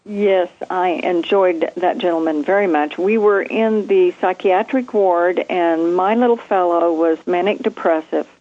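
A woman, a former nurse, telling a vivid story from her training in a lively conversation. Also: fairly low pitch, a little slow, few pauses, lo-fi sound. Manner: animated, vivid storytelling with acted quotes. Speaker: guest, nurse.

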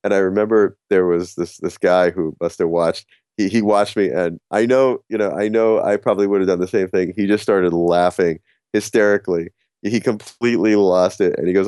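Man, very low voice, dry close sound, halting restarts, self-mocking storyteller, middle-aged. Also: darkish tone, clean tone, no room sound. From New Jersey. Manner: halting, many restarts, laughs at himself. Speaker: speaker on courage. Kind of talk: casual storytelling monologue.

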